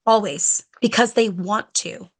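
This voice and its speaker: A woman guest on a podcast, an educator telling stories in a chatty, animated way and acting out talks with children, with plenty of "like" and "you know". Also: mid-range voice, a little slow. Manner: animated, acts out conversations with children. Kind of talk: podcast interview storytelling.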